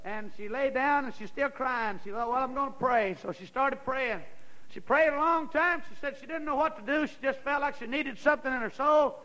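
Male preacher, very high voice, folksy storyteller turning fervent. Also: moderate pace, pushed and bright, low-quality recording. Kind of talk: sermon.

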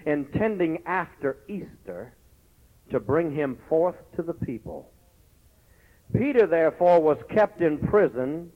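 A man preaching a lively sermon as pastor, breaking into shouted exclamations between stories and scripture reading. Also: fairly high pitch. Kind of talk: Pentecostal-style sermon. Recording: lo-fi recording.

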